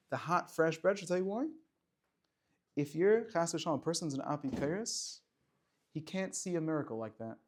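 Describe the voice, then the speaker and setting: A man teaching a lively Torah class to students, firing rhetorical questions and dropping to quiet explanation. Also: on the high side. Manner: animated, swings between loud questions and quiet explaining, chats with students.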